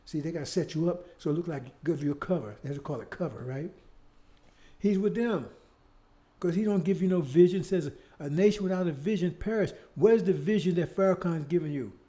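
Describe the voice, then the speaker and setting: A man with a high, mellow voice delivers a preaching monologue. He leans hard on repetition and rhetorical questions and keeps tossing out "See?" to press his point. His speech is emphatic and mocking by turns. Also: a little fast. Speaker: speaker leading his own show.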